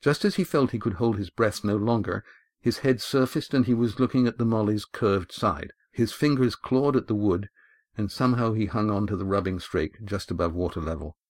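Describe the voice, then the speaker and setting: A man narrating an audiobook chapter in a measured, even way on a close studio mic. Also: lowish voice, dry recording.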